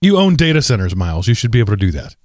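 A man hosting a podcast in a casual chat, congested and hoarse from allergies, tired but joking along. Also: on the low side, big pitch swings, very fast, darkish tone, dry recording, clean studio sound. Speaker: podcast host.

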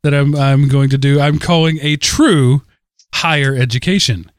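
Slightly high-voiced, opinionated man. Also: normal speed, no echo, studio quality. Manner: opinionated, ranting. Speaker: podcast co-host. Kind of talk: casual comedic chat.

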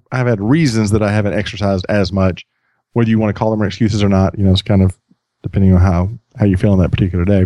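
A man's voice: lowish voice, no room sound. Chatty male podcast host, dry sound. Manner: relaxed, rambling with restarts and self-deprecating laughs. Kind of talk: casual podcast chat.

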